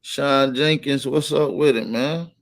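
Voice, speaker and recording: A man hosts a casual livestream at a middle pitch, talking in loose slang. He greets viewers from the chat by name and keeps plugging his merch. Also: fairly even intonation, measured pace. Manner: plugs merch with repeated calls to shop. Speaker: livestream host.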